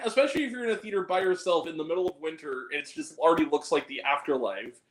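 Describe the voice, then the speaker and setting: A man reviewing a film on a podcast in casual chat, swearing freely and often breaking into laughter. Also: sits high. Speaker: podcast guest. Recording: roomy echo.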